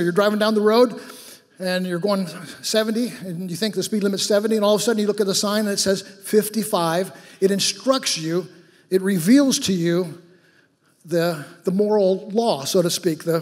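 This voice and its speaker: A high-voiced pastor speaking at a moderate pace preaches in a church. His sermon unfolds as conversational storytelling that climbs into fervent urging, captured with a long hall reverb.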